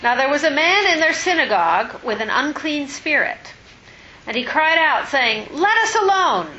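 A woman reading scripture aloud at a Bible study, steady and measured. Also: high-pitched. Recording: dull, faint hiss.

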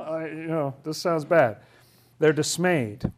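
A man giving casual Bible commentary, animated and acting out the characters in the story. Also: on the high side, normal speed. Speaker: Bible study host.

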